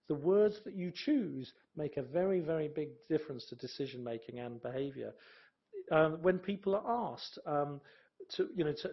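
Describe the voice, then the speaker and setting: Gravelly man giving a talk, lo-fi sound. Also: a little high. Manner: conversational, with frequent fillers and restarts. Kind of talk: presentation talk.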